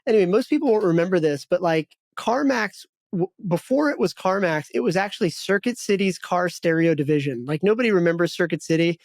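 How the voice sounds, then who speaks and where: High-voiced man hosting a podcast. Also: lively intonation, fairly quick, no echo. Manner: storytelling, rambling with restarts. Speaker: podcast host. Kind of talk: casual interview chat.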